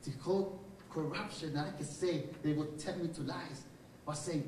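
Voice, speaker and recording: A man's voice: on the high side, normal speed, darkish tone, slight background noise. Male spiritual teacher, reflective storyteller, distant roomy hall recording. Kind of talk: inspirational lecture with personal stories. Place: university lecture hall. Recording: roomy hall, speaker far from mic, faint ambience.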